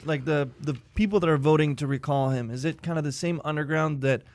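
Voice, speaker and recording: A man's voice: fairly high pitch, fairly quick, a little mellow, no echo. Man asking a probing question, dry sound. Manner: brief remarks and a longer probing question. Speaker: podcast co-host. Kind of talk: casual studio chat.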